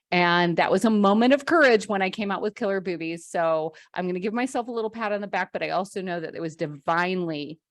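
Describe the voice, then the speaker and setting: Low-voiced effusive woman podcast host. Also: no room sound, clean studio sound. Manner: effusive, gushing praise. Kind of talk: heartfelt podcast introduction and chat.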